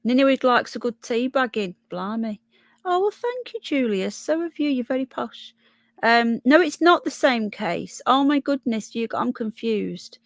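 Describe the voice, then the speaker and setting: A woman's voice: fairly high pitch, very animated, unhurried, dry recording. A woman with a Brummie accent hosting a casual livestream, chatting and thinking aloud as she reads news and viewer comments. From Birmingham, England. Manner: chatty, thinks aloud, stumbles over names. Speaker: livestream host.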